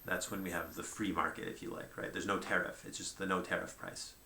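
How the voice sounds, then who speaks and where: Gravelly-voiced man lecturing in an echoey room. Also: low-pitched, little pitch movement, a little fast, sharp tone. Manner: conversational, thinking aloud with frequent "right?" and "um". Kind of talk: whiteboard economics lecture.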